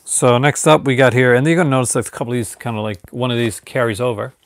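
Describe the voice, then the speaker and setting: A man's voice: medium pitch, fast talker, no echo. A man from Newfoundland, Canada, chatting casually on a live stream and rambling through restarts and fillers.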